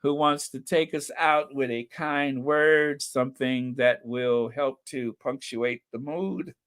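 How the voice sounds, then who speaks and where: A man's voice: medium pitch, slow pace, a bit bright, clear, resonant tone. A man hosting a casual live-stream chat, chatty, reading out viewer names and comments and laughing often. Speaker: channel host.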